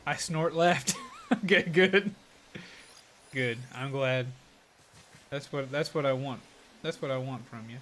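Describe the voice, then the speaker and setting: A man's voice: medium pitch, a little slow, a bit bright, slight background noise. A man streaming a game live, chatting casually and upbeat, often thanking viewers. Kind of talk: casual live gaming commentary.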